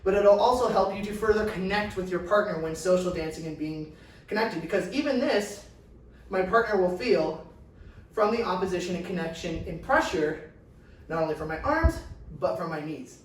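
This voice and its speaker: A man's voice: high-pitched, animated, moderate pace. Upbeat male dance teacher counting steps. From California. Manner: upbeat, encouraging, counts steps aloud, laughs often. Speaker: dance instructor. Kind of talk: counting dance class instruction. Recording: far-off mic in an echoey room.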